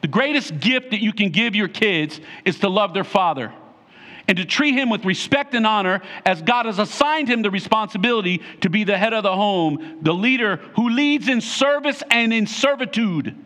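High-voiced preaching man. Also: expressive, normal speed, sharp tone. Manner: emphatic preaching with repeated short phrases. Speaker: pastor. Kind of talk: sermon.

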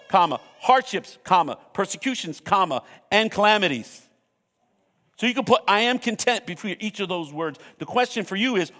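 A man's voice: sits high, pushed and bright, long reverb tail. A man preaching a sermon, earnest and emphatic, reading scripture aloud.

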